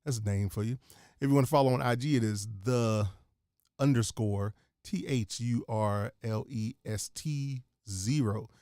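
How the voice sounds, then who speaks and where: A man casually reviewing rap tracks on a live stream, blunt and relaxed in loose slang. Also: medium pitch, a little slow, no room sound, clean studio sound.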